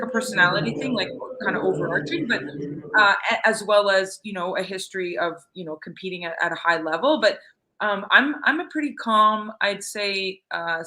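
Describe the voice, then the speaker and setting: A woman's voice: medium pitch, pushed and bright, a little hiss or hum, rough recording. A woman, a retired curler, chatting casually as a guest with many fillers and restarts. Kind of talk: casual video interview.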